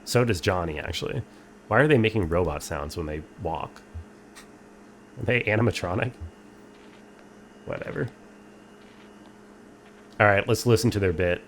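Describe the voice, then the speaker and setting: A young man with a fairly low voice plays through a game on stream. He reads the on-screen text aloud and answers viewers in a dry, offhand way. A faint hiss sits under his voice. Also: normal speed, long pauses. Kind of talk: casual game playthrough commentary.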